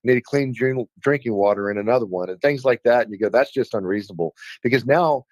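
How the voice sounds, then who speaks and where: A man's voice: mid-range voice, fairly quick, dry recording, low-quality recording. A man from Alaska, a state legislator talking on a radio show, speaking heatedly and emphatically about his frustration. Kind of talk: radio talk show conversation.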